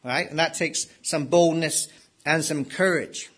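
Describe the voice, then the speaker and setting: Guy preaching a sermon, kinda high bright voice, leans hard on his points. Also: measured pace, breathy edge. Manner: emphatic, repeats key words for stress.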